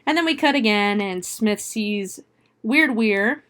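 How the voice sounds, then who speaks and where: A woman hosting a podcast, recapping a movie in casual, profane chat full of "like" and quick exclamations. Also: medium pitch, a bit bright. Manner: chatty, profane retelling with frequent "like"; laughs and exclaims often. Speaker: podcast host.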